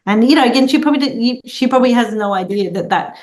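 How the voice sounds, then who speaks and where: A woman guest in a conversational interview, telling stories in a playful, animated way. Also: fairly high pitch, fast.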